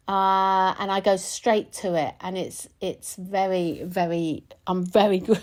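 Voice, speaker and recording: A woman hosting her own podcast as a spiritual coach, talking through her week in a gentle, reflective way, often restarting and repeating words as she thinks aloud. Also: fairly low pitch. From United Kingdom. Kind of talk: reflective casual monologue.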